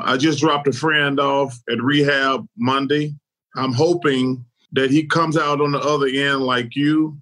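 A man's voice: medium pitch, sharp tone, low-quality recording. A middle-aged man co-hosting a talk show, speaking earnestly and emotionally and drawing out his words. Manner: earnest, choked up, drawn out. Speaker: co-host.

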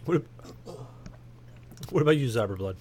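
A man's voice: medium pitch, animated, moderate pace, mellow, breathy edge. A man hosting a casual gaming podcast, telling stories with swearing and animation. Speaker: podcast host. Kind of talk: casual chat.

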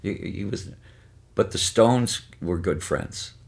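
Gravelly older man telling stories. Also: fairly low pitch, slow. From Detroit, USA. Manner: animated, punchline-driven storytelling. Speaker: guest storyteller. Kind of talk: anecdotal storytelling in conversation.

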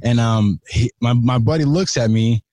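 A podcast guest from California chats casually in a mid-range, dark-toned voice at normal speed, recorded without echo. He's loose and slangy, swears freely, and restarts his sentences.

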